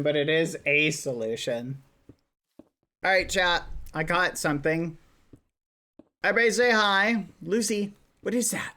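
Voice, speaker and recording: A live streamer talks casually to chat from a desk, in no hurry at all. The delivery is relaxed and drawn out, with an easy, unforced pace. Now and then the voice turns to cooing at a pet dog. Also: medium pitch. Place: indoors at a desk.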